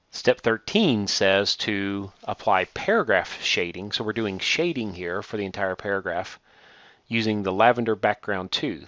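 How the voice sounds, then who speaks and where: A lower-pitched man guides a computer lesson at an even, methodical pace, reading instructions aloud before showing each click. His delivery is patient and relaxed, with small self-corrections along the way. The sound is dry and close, with no room echo. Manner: methodical, reads steps aloud then demonstrates. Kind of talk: software tutorial screencast.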